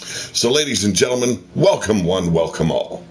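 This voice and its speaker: A man's voice: lowish voice, animated, normal speed. A man hosting a wrestling video game show, in a theatrical ring-announcer delivery with swearing asides. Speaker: host of a wrestling game channel.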